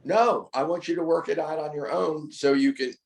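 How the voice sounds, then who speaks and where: A man's voice: a little high, normal speed, creaky, reverberant, poor audio. A man coaching a dog owner through training drills, firm and corrective, repeating his instructions. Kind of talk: hands-on coaching over a call.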